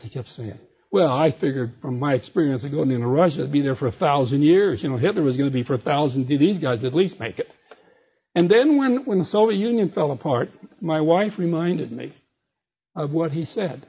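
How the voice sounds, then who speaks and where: An older man with a husky, slightly raised voice lectures in a folksy, wry storytelling way. The recording is dull and lo-fi. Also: fairly high pitch, lively intonation, a little fast. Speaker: speaker and author. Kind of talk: lecture with anecdotes.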